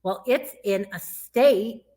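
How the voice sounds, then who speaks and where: Warm in tone and medium in pitch, she takes things slowly. The speaker is a Michigan youth librarian guiding a children's story time in a sing-song way, asking the youngsters questions and mimicking animals.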